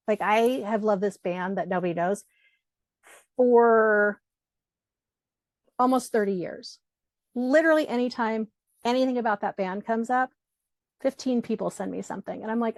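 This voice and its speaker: Animated, high-pitched woman telling stories. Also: normal speed, pauses often, no echo. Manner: animated storytelling, acts out quoted voices, swears freely. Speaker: guest coach. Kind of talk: casual interview chat.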